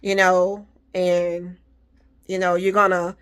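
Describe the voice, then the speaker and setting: Reassuring woman with a lowish voice. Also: little pitch movement, slow, fairly bright tone, smooth. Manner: repetitive, reassuring, faith-filled. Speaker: vlogger giving encouragement. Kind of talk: casual motivational talk.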